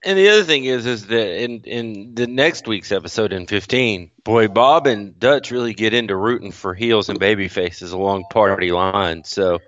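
Male co-host, low-pitched, deadpan crude humor, dull and dry recording. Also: normal speed, few pauses, no echo. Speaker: podcast co-host. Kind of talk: casual podcast chat.

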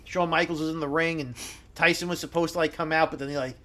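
Man, high voice, casual podcast co-host, excited, laughing. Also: fast. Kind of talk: casual chat.

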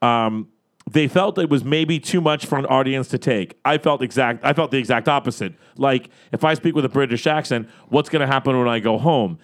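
A man hosting a podcast in casual chat, animated and joking, often acting out what others might say. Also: medium pitch, fairly quick. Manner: animated, joking, acts out quoted lines. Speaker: podcast host.

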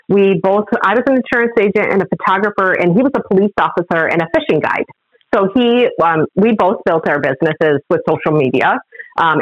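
A woman being interviewed, telling a long story in a lively way and acting out what other people said. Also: lowish voice, no room sound, muffled recording. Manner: lively, animated storyteller who acts out the other people's lines. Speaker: podcast guest.

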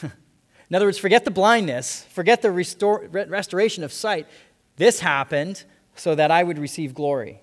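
A man preaching a sermon as pastor, earnest, repeating key phrases and slowing down to stress them. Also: high voice. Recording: long hall reverb.

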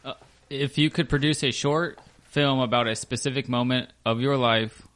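Man, podcast co-host, easygoing, mid-pitched voice, reads a question. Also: steady tone, normal speed, a bit bright. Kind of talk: casual chat.

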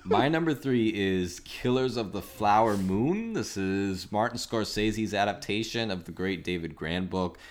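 A man hosting a movie podcast in casual chat, leading the talk and handing out turns. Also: deep voice. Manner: leads the talk, hands out turns. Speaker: podcast host.

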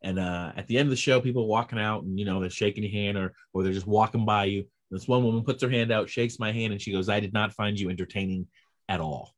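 A stand-up comedian speaking in a lowish voice rattles off stories quickly with few pauses during a casual chat. He's an animated storyteller, acting out the people in his tales with quoted voices.

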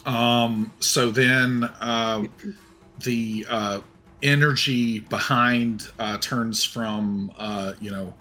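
A man at a tabletop game talks through his character's actions at a mid pitch, stopping often to fill gaps with uh and like. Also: fairly even intonation, extremely slow, sharp tone, faint music behind. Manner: hesitant, lots of uhs. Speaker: player.

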